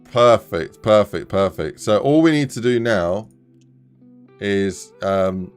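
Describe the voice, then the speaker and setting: A low-voiced man chats casually on a live stream while he builds a game level. He gets excited and laughs a lot, with the odd curse. Faint music plays behind him. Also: takes it slowly, clean tone. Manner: excitable, swears, laughs often, bursts into shouts.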